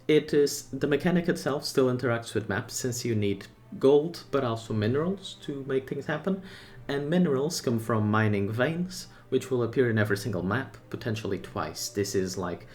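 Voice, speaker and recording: In a mid-range voice, a man gives casual commentary on a game update as a gaming content creator, talking in quick excited bursts packed with personal opinions and asides.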